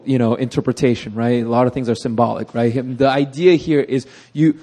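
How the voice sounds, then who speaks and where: A man's voice: mid-range voice, dark tone, husky. A middle-aged male pastor preaching with energy, often asking the congregation "right?" and laughing at himself. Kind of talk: sermon.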